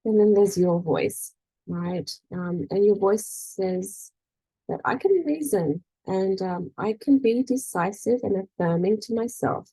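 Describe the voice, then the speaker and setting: Animated and unhurried, this middle-aged woman has a warm, husky voice at medium pitch. As a spiritual energy-healing coach running a faith group meeting, she teaches casually and chattily, often saying "you know" and "right?" and acting out quoted voices. The recording is rough, without room sound.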